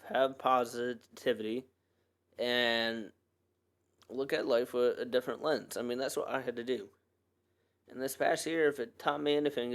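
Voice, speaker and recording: A man hosting his own podcast and talking alone in a loose, earnest, rambling way, full of fillers and restarts. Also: medium pitch. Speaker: podcast host. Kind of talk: casual solo podcast monologue.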